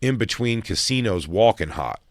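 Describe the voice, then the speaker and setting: Deep-ish guy in his 40s cracking crude jokes, voice swings around a lot, dry sound. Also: expressive, moderate pace, no room sound. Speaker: podcast co-host. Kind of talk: casual chat.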